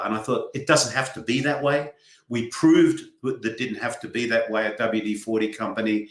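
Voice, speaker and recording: A man's voice: medium pitch, normal speed. An older man with an Australian accent, a guest author speaking earnestly in a livestream interview. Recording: roomy echo.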